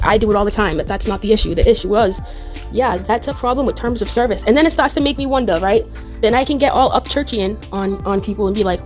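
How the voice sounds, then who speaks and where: A woman's voice: fairly high pitch, a little mellow. A woman hosting a casual livestream commentary, talking bluntly and animatedly, swearing and laughing often. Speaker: YouTube commentary host.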